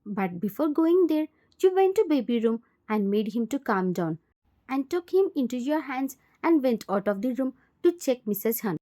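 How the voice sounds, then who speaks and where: A woman narrating a fan fiction story in second person, in a plain, steady storytelling manner. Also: sits high, moderate pace.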